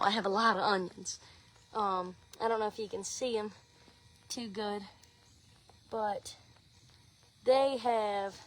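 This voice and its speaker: A young woman with a Southern accent, chatting casually in a live stream from her garden. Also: mid-range voice. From Louisiana. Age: young adult. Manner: chatty, rambling, says y'all often. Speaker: social media personality. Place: outdoors in her home garden.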